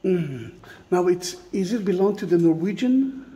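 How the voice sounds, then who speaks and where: A man with an Israeli accent, a tour guide talking casually as he walks visitors through a site, softly and with pauses. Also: high voice, animated, slightly rough, big-room sound. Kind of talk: casual walking tour vlog.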